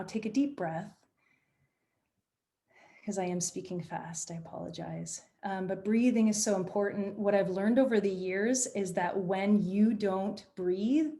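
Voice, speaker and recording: A woman leading an online workshop on presentation skills, speaking in an energetic, demonstrative way over a video call. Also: medium pitch. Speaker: presentation coach.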